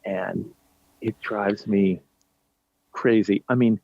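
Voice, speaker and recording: A man's voice: fairly low pitch, fairly even intonation, slow pace, vocal fry, a little mellow, dry recording, highs cut off. A middle-aged man from New York, chatting as a podcast guest, self-deprecating and full of fillers and restarts. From United States, New York. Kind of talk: casual interview chat. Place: at home.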